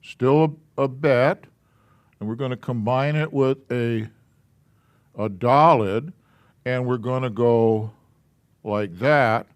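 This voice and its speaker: Slow patient man teaching a class. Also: mid-range voice, clean tone, no room sound. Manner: slow, patient, explaining step by step. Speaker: Hebrew alphabet teacher. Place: church classroom.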